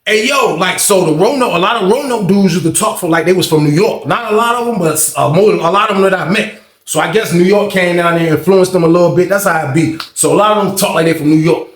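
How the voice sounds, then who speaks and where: A man hosting a casual storytime monologue, animated and profane, acting out the voices in his tale. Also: high-pitched, quick pace, reverberant. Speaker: storytelling channel host.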